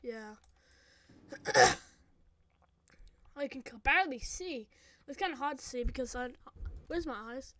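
Bright, high-voiced woman in excitable machinima voice acting. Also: no echo. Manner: excitable, quick swings between shouting and mumbling; halting speech with many restarts. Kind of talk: casual voice acting for a game machinima.

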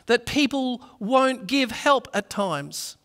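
Pastor, man, high bright tone, earnest sermon in a reverberant church hall. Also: animated, slow pace. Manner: earnest storytelling, acts out voices in anecdotes.

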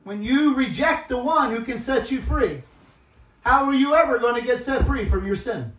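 A man preaching a sermon as a guest speaker in church, moving between soft, tearful-toned confession and loud, emphatic exhortation. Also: very high voice, expressive, normal speed. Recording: echoey church hall, distant mic.

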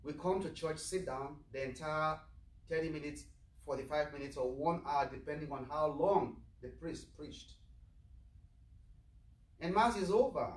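Earnest priest preaching in an echoey chapel. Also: male voice, on the high side. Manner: plain, earnest, asks the flock questions. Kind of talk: sermon. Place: chapel of a medical center. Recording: echoey chapel, mic far off.

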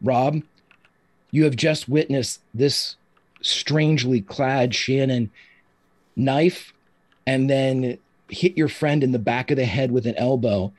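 A man running a tabletop game as game master, narrating the action in a loose, descriptive way with fillers. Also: mid-range voice.

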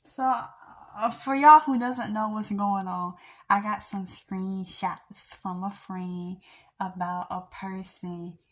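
A woman's voice: mid-range voice, fairly even intonation, takes it slowly. A young woman venting to her viewers about a rejection, rambling with sighs, trailing off and nervous laughs. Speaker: vlogger. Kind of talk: emotional rant to camera.

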